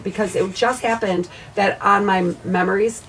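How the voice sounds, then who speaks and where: Bright-voiced woman telling a story. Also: medium pitch, moderate pace, hardly any pauses, a little hiss or hum. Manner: laughing, swearing, quoting others in animated bursts. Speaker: podcast co-host. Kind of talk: casual storytelling chat.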